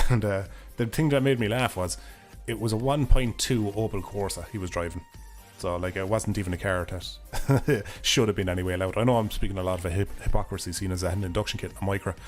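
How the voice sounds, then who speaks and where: A young Irish man streaming a game, chatting casually in a rambling way, swearing freely and laughing often, his voice hoarse and failing. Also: lowish voice, steady tone, fairly quick, few pauses, soft background music. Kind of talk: casual livestream chat while gaming.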